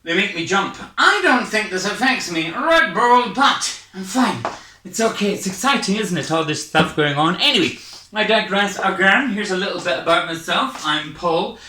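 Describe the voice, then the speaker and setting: A man's voice: high voice, expressive, normal speed, sharp tone, a little hiss or hum. A Scottish man doing a hyper, rambling, self-mocking stand-up set from his home over a webcam, out of breath. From Scotland. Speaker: stand-up comedian. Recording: echoey room, far from mic.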